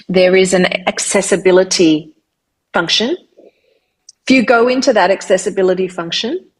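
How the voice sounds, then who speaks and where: A middle-aged woman with an Australian accent, a voiceover artist and singer-songwriter, telling her story in a lively, animated interview. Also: on the high side. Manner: animated, lively retelling of anecdotes.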